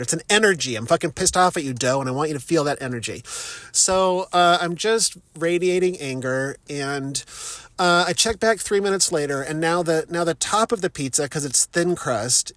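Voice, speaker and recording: A middle-aged man rants through a story in a slightly high voice, swearing freely and laughing at himself. The sound is very dry and close, with no room echo. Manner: profane, animated, self-mocking with frequent laughs. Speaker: vlogger. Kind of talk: casual storytelling.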